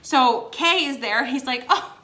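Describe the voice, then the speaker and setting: Young woman vlogger, giggly storyteller, higher pitch, bright tone. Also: moderate pace. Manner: giggly, laughs between phrases, many fillers. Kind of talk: casual storytime chat.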